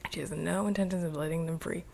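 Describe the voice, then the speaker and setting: A woman giving a casual, chatty recap of a TV episode, animated and full of slang. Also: low-pitched, fast talker, vocal fry, slight background noise. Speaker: TV show reviewer.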